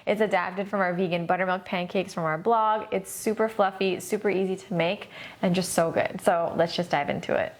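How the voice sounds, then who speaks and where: A woman with a low-side voice hosts a cooking vlog in a home kitchen, walking through a recipe a little fast with fairly even intonation. She's upbeat, casual, and chatty, often saying "super" and "so good."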